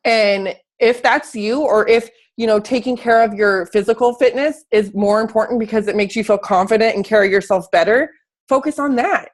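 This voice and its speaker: A woman's voice: a little high, moderate pace. A woman hosting a casual live video call, talking in an emphatic, motivational way with blunt, mildly profane asides. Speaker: host of a coaching live video. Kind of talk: casual live-stream chat.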